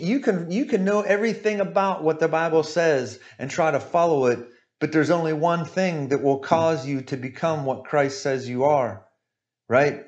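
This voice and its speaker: A male preacher with a fairly high voice delivers an emphatic sermon. He hammers his points through repetition and keeps checking in with "right?" and "okay?". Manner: emphatic, repeats points, asks "right?" often.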